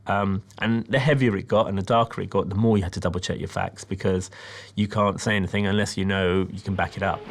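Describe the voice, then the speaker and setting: A man from Britain, a film director, calmly explaining how he made his documentary in a reflective, measured way. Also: fairly low pitch. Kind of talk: interview about his documentary.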